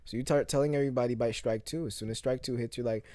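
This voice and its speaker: A man's voice: mid-range voice, racing, no echo, studio quality. Emphatic, swearing man chatting on a podcast. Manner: swears a lot, lively and emphatic. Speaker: podcast host. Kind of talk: casual chat.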